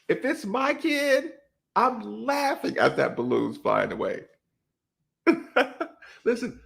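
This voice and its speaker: Animated gravelly man telling a story. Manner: animated storytelling, acts out quotes with big pitch jumps and laughs. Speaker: podcast host. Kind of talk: casual chat.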